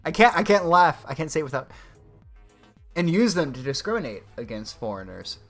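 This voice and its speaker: A man's voice: fairly high pitch, very animated, fairly quick, fairly bright tone, faint music behind. A man hosting a casual livestream, ranting sarcastically and swearing often. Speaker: livestream host.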